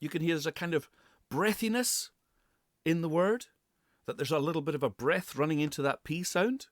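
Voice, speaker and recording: A man giving a pronunciation lesson as a speech coach, deliberately repeating and exaggerating sounds for the listener. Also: fairly high pitch, no room sound, clean studio sound.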